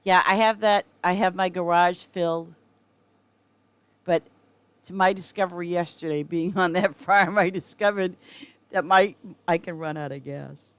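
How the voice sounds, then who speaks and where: A woman's voice: fairly low pitch, steady tone, measured pace, smooth, no echo. A middle-aged woman streaming a game and chatting casually with her viewers, rambling and often breaking into giggles. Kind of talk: casual chat with viewers while gaming.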